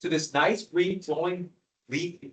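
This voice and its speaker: Male history teacher, animated classroom lecture, higher voice, distant mic, echoey room. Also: measured pace. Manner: animated, asks the class questions.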